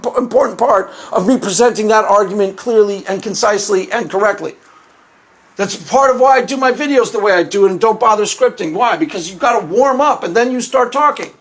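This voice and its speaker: Male commentator, higher pitched, unscripted and animated, acts out quotes mid-story. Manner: conversational, many restarts. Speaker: YouTube commentator.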